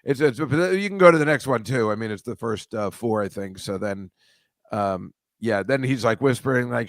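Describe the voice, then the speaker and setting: A man's voice: mid-range voice, expressive, moderate pace, no echo, studio quality. A man hosting a casual comedy chat show, rambling and self-deprecating, stammering and restarting as he goes. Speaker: host.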